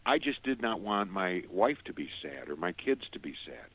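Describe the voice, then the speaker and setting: A man's voice: deep voice, very animated, normal speed, breathy edge. A middle-aged man guest telling a personal testimony, earnest and often stumbling over repeated words. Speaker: radio show guest. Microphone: phone. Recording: tinny phone line.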